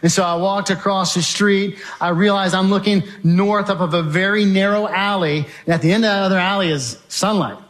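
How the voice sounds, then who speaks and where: Man telling a gripping story, higher voice. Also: brisk, hardly any pauses, a bit bright. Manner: vivid, emphatic, addresses the audience. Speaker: speaker giving a testimony. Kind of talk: dramatic storytelling talk.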